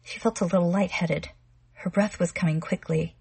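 A woman reads literary fiction aloud in a measured, quiet way. Her voice sits low and has a soft, breathy edge. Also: fairly even intonation, no room sound. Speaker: narrator. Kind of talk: literary audiobook narration.

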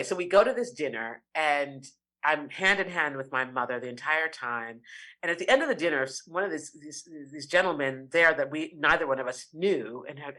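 A woman who is a singer, speaking as an interview guest and telling a heartfelt personal story, expressive and lingering on words. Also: deep voice.

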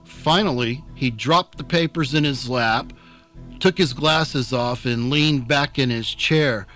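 A man reading a novel aloud as narrator, in a calm, measured way. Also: medium pitch, soft background music. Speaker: audiobook narrator. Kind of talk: scripted narration.

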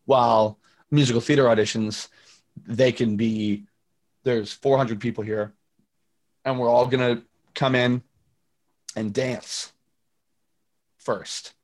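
Guy chatting on a video call, rambly storyteller, lots of ums, mid-pitch voice. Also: fairly even intonation, slow pace, pauses often, a little mellow. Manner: chatty storyteller, lots of fillers and acted-out quotes. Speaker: singer-songwriter guest. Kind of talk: casual interview chat.

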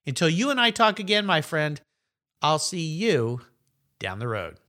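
A man's voice: fairly high pitch, big pitch swings, a little slow, pushed and bright. A male podcast host chatting in a friendly, upbeat and encouraging way. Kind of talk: casual interview chat.

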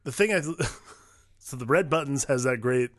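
A man's voice: mid-range voice, a little slow, a bit bright, no room sound, clean studio sound. A man co-hosting a casual film discussion, rambling and profane, with many filler words. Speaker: podcast co-host.

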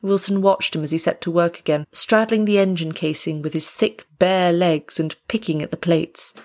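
A woman narrating an audiobook story in a steady, measured way. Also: lowish voice.

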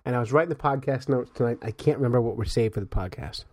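A man co-hosting a podcast, telling stories in casual chat, animated and laughing often. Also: medium pitch, quick pace, no room sound. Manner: animated storyteller, laughs often, acts out sounds. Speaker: podcast co-host.

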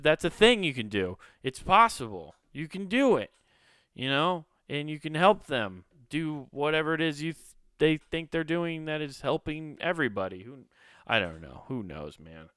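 A man's voice: medium pitch, bright, forceful tone, clear, resonant tone, no room sound, studio quality. A man hosting a casual podcast, rambling through a profane, sarcastic comedic rant.

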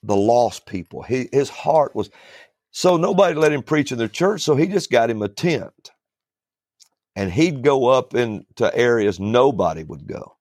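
A man's voice: mid-range voice, animated, unhurried, darkish tone, dry recording. Rambling preacher man, dry sound. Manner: rambling, starts over often, chuckles through stories. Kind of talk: storytelling in a casual panel chat.

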